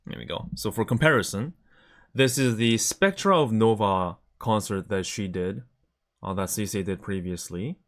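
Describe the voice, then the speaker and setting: A man's voice: on the low side, moderate pace. A man chatting casually on a live stream, enthusiastically showing items to the camera.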